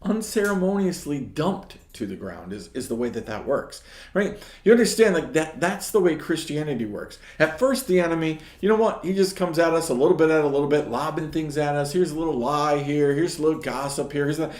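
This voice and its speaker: Lively storytelling man in an echoey room. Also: on the high side, brisk. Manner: storytelling, keeps asking "right?". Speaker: ministry host. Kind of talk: casual devotional talk.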